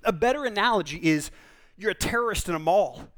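High-voiced man preaching a lively sermon. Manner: conversational, animated storytelling with quick asides. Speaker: pastor.

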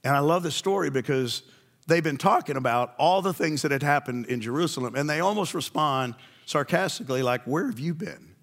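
A man's voice: a little high, a little fast, fairly bright tone. A man preaching a sermon, telling the story in a conversational way and asking his listeners questions.

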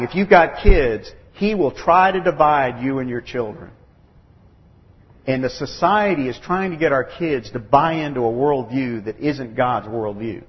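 A man's voice: mid-range voice, big-room sound, highs cut off. A man preaching a sermon to a gathering of men, emphatic and acting out quoted voices. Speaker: pastor. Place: church or meeting room.

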